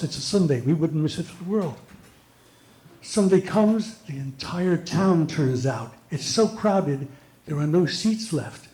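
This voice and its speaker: A man's voice: on the high side, a little mellow. Older man telling jokes on stage. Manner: storytelling, acts out characters, occasional stumbles. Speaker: stand-up comedian. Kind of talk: stand-up joke telling. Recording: echoey room.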